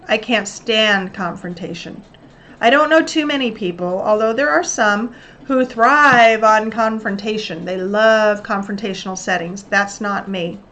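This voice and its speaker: A woman's voice: mid-range voice, fairly bright tone, slight background noise. A woman hosting a motivational self-help talk, coaching listeners earnestly and acting out little examples. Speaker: host.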